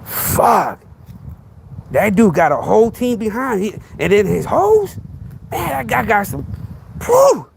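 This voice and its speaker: A man's voice: high voice, big pitch swings, normal speed, creaky, a little hiss or hum. A man hosting a podcast, ranting in a casual monologue full of sarcastic, mock-frightened rhetorical questions and street slang. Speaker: podcast host.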